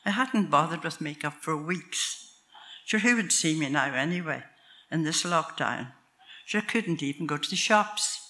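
An older woman with a Northern Irish accent tells a story from her own life. Her voice is very bright and sharp, and she makes wry, self-mocking asides in a homely way. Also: low-pitched. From Northern Ireland. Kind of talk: live storytelling from memory.

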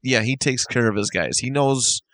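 A man co-hosting a podcast, reading a summary aloud in a steady, matter-of-fact way, then chatting. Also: mid-range voice, normal speed, no room sound, rough recording. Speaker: podcast co-host.

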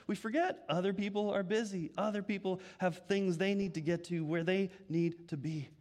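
High-voiced male pastor telling a story. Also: a little fast, in a large hall. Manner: conversational storytelling with many restarts. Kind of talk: sermon with personal story.

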